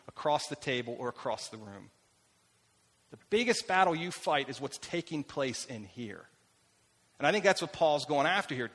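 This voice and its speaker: A man's voice: fairly high pitch, fairly bright tone. A middle-aged man preaching as a pastor, telling stories about himself in a conversational way. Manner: conversational, self-deprecating storytelling. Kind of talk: sermon. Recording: long hall reverb.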